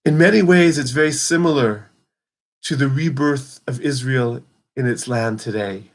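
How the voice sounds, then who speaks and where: Man, medium pitch, earnest teacher, retells stories with lively quoted lines. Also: moderate pace. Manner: earnest, storytelling, dramatizes quotes. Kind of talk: holiday teaching talk.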